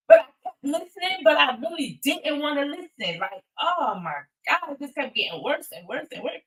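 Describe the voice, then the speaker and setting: A woman's voice: high voice, lively intonation, moderate pace, fairly bright tone, reverberant. Rambling, profane woman livestreaming. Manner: rambling, profane, talks straight to viewers. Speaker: livestream host. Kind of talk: casual livestream chat. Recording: voice a bit distant from the mic.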